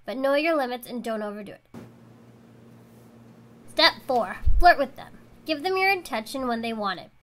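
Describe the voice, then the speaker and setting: A woman's voice: on the high side, lively intonation, moderate pace, long pauses. A young woman narrating mock self-help steps in a chirpy, instructional way. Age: young adult.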